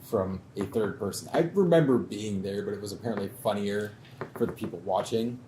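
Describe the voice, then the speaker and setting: A man telling a drinking story in relaxed, wry casual chat, with some swearing. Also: on the low side, a little fast. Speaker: show regular. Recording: echoey room with faint background noise.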